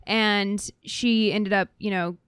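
A woman co-hosting a podcast, chatting casually with quick, wry remarks. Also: medium pitch, steady tone, a bit bright, smooth, no echo, clean studio sound. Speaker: podcast co-host. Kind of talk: casual chat.

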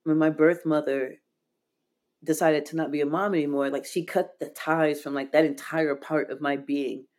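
A woman's voice: sits low, fairly even intonation, moderate pace, darkish tone. Earnest woman telling a personal story. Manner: earnest and heartfelt, with frequent "like" fillers. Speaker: podcast guest.

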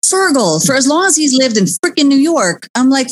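A woman hosting a casual chat, joking and animated, dropping in Tagalog words. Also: sits high, moderate pace, husky, no room sound. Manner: lively, joking, mixes in Tagalog.

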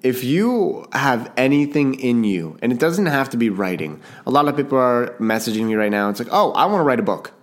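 A male podcast host from Canada talks on his own in a loose, chatty way. His voice sits at an ordinary middle pitch, and he often stops mid-sentence to start over. He jokes at his own expense and keeps apologizing. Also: animated, normal speed, hardly any pauses. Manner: rambling and self-deprecating, with frequent restarts; apologetic, jokey. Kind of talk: casual solo podcast chat.

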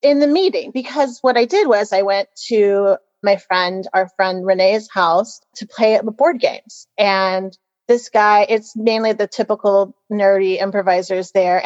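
A woman's voice: mid-range voice, unhurried, a little mellow, no room sound, lo-fi sound. A woman co-host telling a dating story in casual chat, candid and laughing, swearing freely. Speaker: podcast co-host.

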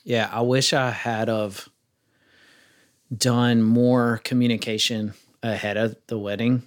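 A man talks loosely on a podcast, his voice sitting at an ordinary middle pitch. He rambles a little and jumps into brighter, livelier tones when he acts out the questions he asks people. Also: little pitch movement, slow pace. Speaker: wedding filmmaker guest. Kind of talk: casual podcast interview.

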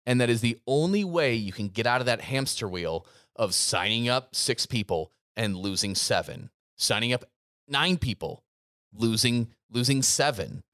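A man's voice: medium pitch, animated, normal speed, fairly bright tone, no echo, clean studio sound. A man co-hosting a podcast, talking earnestly and emphatically about coaching gym owners, often repeating himself. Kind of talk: casual podcast chat.

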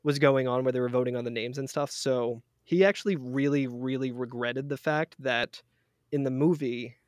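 A man's voice: medium pitch, fairly even intonation, moderate pace, no echo. A man chatting casually as a podcast guest, winding through a long story full of "um" and "like". His voice sits in a middling register and sounds dry and close, with no room around it. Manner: rambling, many fillers and restarts.

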